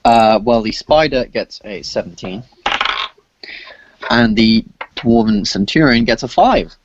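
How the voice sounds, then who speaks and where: A man serving as dungeon master, narrating the action in a halting way with many filler sounds. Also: medium pitch, animated, background noise. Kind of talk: narrating a tabletop game. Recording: dull lo-fi audio.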